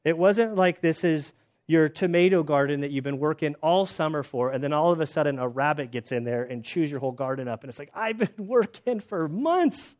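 A man preaching a sermon, telling stories with animated retellings and laughter. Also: a little high, a little fast, dull audio. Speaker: pastor.

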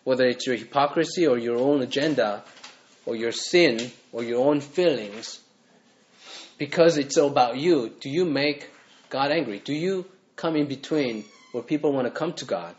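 Male pastor, mid-pitched, earnest sermon delivery full of rhetorical questions; muffled lo-fi sound. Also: moderate pace, slight background noise. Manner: earnest, asks the listeners repeated rhetorical questions.

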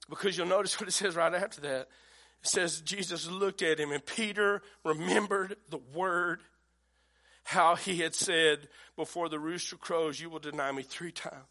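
Male pastor, middle-aged, folksy conversational sermon delivery, bright tone. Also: high voice.

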